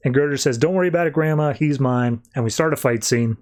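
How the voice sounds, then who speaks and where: A man casually recapping a comic on a podcast, slipping into quick, loose character voices as he retells each scene. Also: medium pitch, a little mellow. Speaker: podcast co-host.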